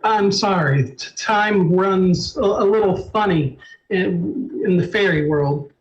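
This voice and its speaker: Guy doing a jumpy nervous doc who stutters all over, kinda high voice, slow, muffled audio. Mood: nervous stammering. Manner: stammers and repeats words. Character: nervous stuttering male doctor, jumpy and anxious. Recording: dull lo-fi stream audio.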